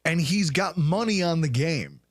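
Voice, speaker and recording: A man in his late twenties or thirties co-hosting a sports recap show, telling game stories with lively acted-out quotes. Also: a little high, measured pace, dry recording, clean studio sound. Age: late 20s or 30s. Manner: animated storyteller, acts out quotes loudly. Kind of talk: casual sports talk.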